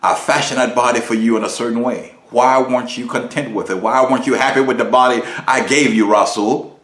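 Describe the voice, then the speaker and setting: A man's voice: medium pitch, fairly even intonation, brisk, fairly bright tone, close to an everyday voice. A man voicing God as a stern figure who fires off indignant, pointed questions at a man. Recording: roomy echo.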